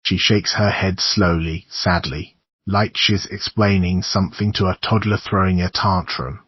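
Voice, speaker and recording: A man narrates a horror audiobook in a measured, somber way. His voice is deep and husky. The recording is dry and dull. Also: flat delivery, no room sound.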